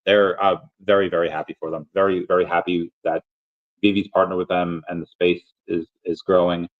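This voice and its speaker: Man, livestream host, casual rambling chat, lots of fillers and restarts, lowish voice, muffled audio. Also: little pitch movement, moderate pace. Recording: dull lo-fi audio.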